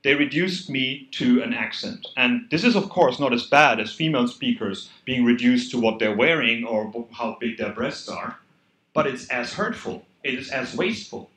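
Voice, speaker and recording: A man's voice: medium pitch, moderate pace, echoey room. A man with a German accent, speaking earnestly and conversationally as a conference speaker. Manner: earnest, conversational, animated emphasis. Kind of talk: conference talk. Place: hall at a hackday event.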